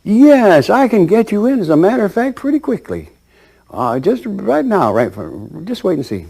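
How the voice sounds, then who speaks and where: Brief: quick-talking afterlife agent, male, put on by a man telling a story, pushy sales patter, mellow tone. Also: sits high, very animated, creaky, breathy edge, voice pushed up, exaggerated voice. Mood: eager.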